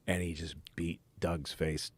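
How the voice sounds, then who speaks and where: A man's voice: deep voice, little pitch movement, a little slow, slightly rough. A man talking as a podcast guest, rambling and self-deprecating as he tells a story in casual chat. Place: podcast studio.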